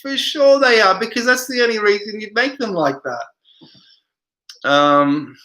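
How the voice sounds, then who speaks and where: A man's voice: high-pitched, animated, takes it slowly, bright, forceful tone, reverberant. A tired man hosting a late-night live stream, reading viewer comments aloud and rambling in answer to them.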